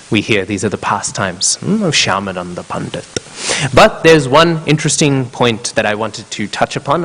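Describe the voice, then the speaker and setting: A man's voice: lowish voice, a bit bright. A man giving a scripture class and telling a story from it, checking in with his listeners with a frequent questioning "hmm?". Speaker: temple class speaker. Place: temple hall. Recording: long echo of a temple hall.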